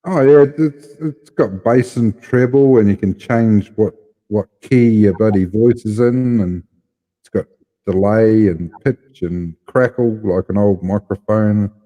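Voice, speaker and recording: Kiwi male streamer, casual banter, warm dark tone. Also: lowish voice, measured pace, in a large hall, highs cut off. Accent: New Zealand. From New Zealand. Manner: playful, joking. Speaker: livestream host. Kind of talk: casual live chat.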